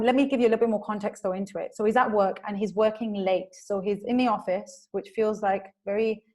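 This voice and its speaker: A woman presents a webinar in a relaxed, conversational way, and her voice sits at a middling pitch. She explains step by step with frequent fillers. She sometimes slips into quick acted voices to show how people react. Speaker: webinar presenter on emotions in business.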